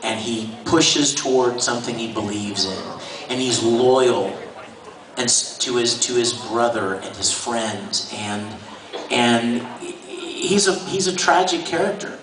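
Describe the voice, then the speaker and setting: Crowd noise surrounds a man speaking at a slow pace in a medium pitch. As a guest voice actor on a convention panel, he tells the audience animated stories, laughing often, recorded distantly on a handheld camera in an echoey, noisy hall.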